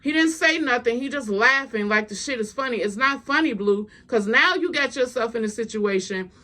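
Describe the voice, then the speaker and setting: Blunt, exasperated woman with a high voice. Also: expressive, normal speed, bright, forceful tone. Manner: blunt, exasperated, swears freely. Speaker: gossip commentator. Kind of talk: casual commentary.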